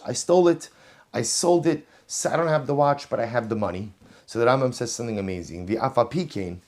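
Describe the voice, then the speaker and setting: A man, a rabbi, giving an emphatic Torah lesson, reading phrases and repeating key lines for emphasis. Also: medium pitch. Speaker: rabbi teaching. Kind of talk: Torah class lecture.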